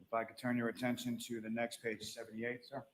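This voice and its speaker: A man's voice: mid-range voice, flat delivery, a little fast. A man questioning a witness in a courtroom, formal and polite, calling him sir, with some "uh" fillers. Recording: echoey courtroom with faint noise.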